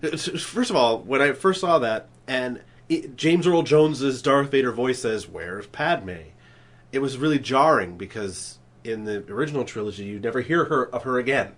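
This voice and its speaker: A man telling stories on a podcast, wandering and restarting as he goes. His voice sits at an ordinary middle pitch, and he acts out the scenes he retells. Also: normal speed, hardly any pauses. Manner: animated storyteller acting out scenes; rambling with restarts. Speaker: podcast co-host. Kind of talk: casual chat.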